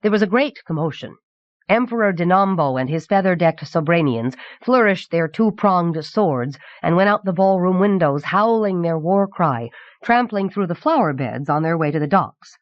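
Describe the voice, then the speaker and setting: A woman reading a novel aloud as audiobook narrator in a measured, clear voice from an old cassette recording. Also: fairly low pitch, expressive, no room sound. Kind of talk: scripted narration. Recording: dull 1990s cassette audiobook.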